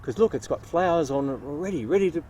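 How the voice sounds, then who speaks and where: Speaking on the high side at a quick, animated pace, this nurseryman has a little mellowness and a breathy edge. Patient and upbeat, he walks through digging a garden bed and planting tomatoes as he works.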